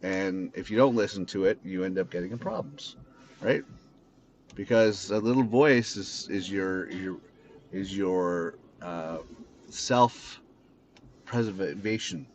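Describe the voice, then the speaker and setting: A man's voice: low voice, slow, a little hiss or hum. A man hosting a podcast from his car, talking in a blunt, rambling way and swearing freely. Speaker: podcast host. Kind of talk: casual unscripted monologue.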